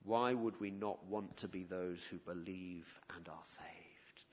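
A man preaching a sermon in earnest, pleading tones, often dropping to a soft, quiet voice. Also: lowish voice, sing-song, measured pace, few pauses. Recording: dull audio with long hall reverb.

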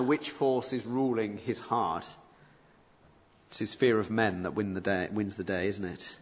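A man's voice: on the low side, steady tone, measured pace, slightly rough. A man preaching a sermon, explaining a passage verse by verse with rhetorical questions and rising emphasis. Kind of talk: expository sermon. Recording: muffled reverberant hall recording.

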